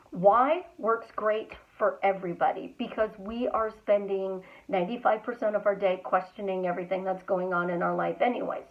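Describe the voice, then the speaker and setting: A middle-aged woman hosting a podcast, giving an upbeat motivational talk and stretching out her words for emphasis. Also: medium pitch. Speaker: podcast host and manifesting coach. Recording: tinny phone-like audio.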